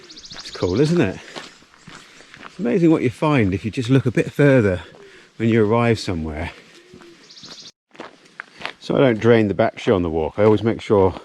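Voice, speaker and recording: A man's voice: lowish voice, expressive, normal speed, pauses often, a little mellow, a little hiss or hum. Chatty man vlogging a hike. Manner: chatty, easily amazed, frequent ums. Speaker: vlogger hiking with his dog. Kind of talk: casual walking vlog narration. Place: outdoors on a gorge hiking trail.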